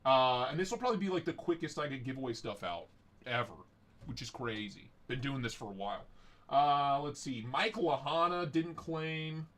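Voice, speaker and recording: A man's voice: medium pitch, normal speed, a bit bright. A man hosting a casual live stream, rambling and joking with a profane edge. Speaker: livestream host.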